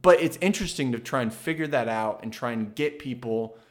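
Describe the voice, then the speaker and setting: A man's voice: mid-range voice, fairly quick. A man talking in a casual, reflective monologue, earnest and thinking aloud, with frequent restarts.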